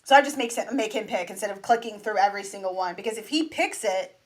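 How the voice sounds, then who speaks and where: A woman's voice: medium pitch, fast talker, slight background noise. A young woman co-hosting a casual podcast, chatting easily with frequent ums. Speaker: podcast co-host. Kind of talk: casual chat.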